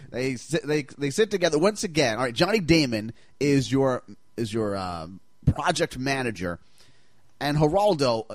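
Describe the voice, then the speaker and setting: A man's voice: medium pitch, dry recording. A man hosting a podcast in casual chat, playful and mock-enthusiastic, often acting out the scenes he recaps. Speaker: podcast host.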